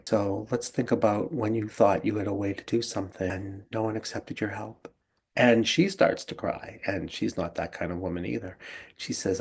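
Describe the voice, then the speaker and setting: A male therapist recounts a couples session in a calm, reflective way, with clients' words quoted along the way. His voice sits a little low and has a husky edge. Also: moderate pace. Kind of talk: storytelling about a therapy case.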